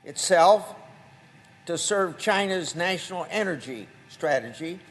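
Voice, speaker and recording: Older man, senator, formal floor speech, very slow halting delivery, slightly high voice, long hall reverb. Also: expressive. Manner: slow, deliberate, halting delivery with marked quotes. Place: large legislative chamber.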